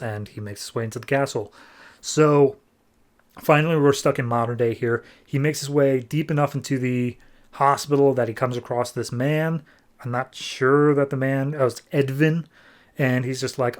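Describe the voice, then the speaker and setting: An enthusiastic man retelling a comic's plot for a podcast audience. He sits at a middle pitch, and his casual delivery is full of "like" fillers, speeding up when something excites him. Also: moderate pace. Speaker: comic book podcast reviewer. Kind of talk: casual plot recap and review.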